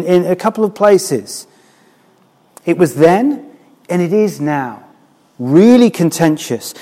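A man's voice: high voice, a little mellow, long reverb tail. A man, a church minister, preaching a sermon in a candid, conversational way.

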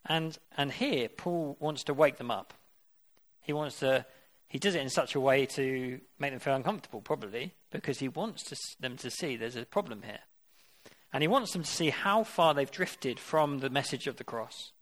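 A man's voice: medium pitch, normal speed. A man preaching a sermon. He reads scripture aloud and then puts questions directly to his listeners. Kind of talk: interactive sermon.

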